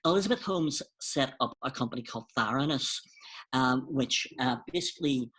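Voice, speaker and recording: A man's voice: medium pitch, lively intonation, normal speed, a bit bright, slightly rough, low-quality recording. A man hosting a casual podcast, explaining a story with enthusiasm and plenty of ums. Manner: enthusiastic, explaining with many fillers. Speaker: podcast host.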